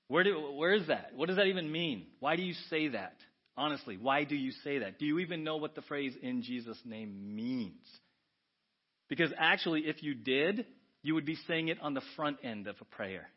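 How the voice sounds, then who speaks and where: A man preaching a sermon as pastor, animated, swinging from hushed asides to loud exclamations. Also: fairly high pitch, normal speed, husky, highs cut off. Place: church sanctuary.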